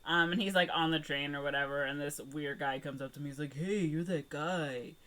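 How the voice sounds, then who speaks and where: A woman's voice: sits low, fairly even intonation, quick pace, bright, forceful tone, clean tone. A young woman co-hosting a podcast, casually retelling a movie plot with lots of fillers and playful quoted voices. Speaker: podcast co-host. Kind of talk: casual movie recap chat.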